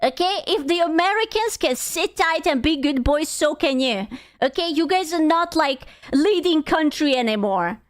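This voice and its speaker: A woman's voice: sits high, expressive, normal speed. A young woman streamer in casual chat, blunt and profane as she rants to her viewers.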